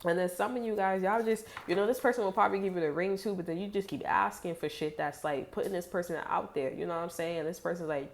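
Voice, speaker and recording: Woman, casual tarot reader talking to camera, low-pitched, profane, rambling with fillers. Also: fast talker, hardly any pauses, a little hiss or hum. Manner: chatty and blunt, heavy swearing, many "like" fillers. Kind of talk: casual tarot reading to viewers.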